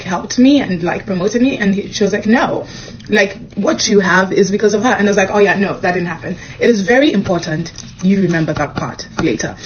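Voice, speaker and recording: Young woman, comedian, casual storytelling, animated, faint background noise. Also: lo-fi sound. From Kenya. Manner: animated, acts out the dialogue with quick pitch jumps. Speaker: comedian telling a personal story.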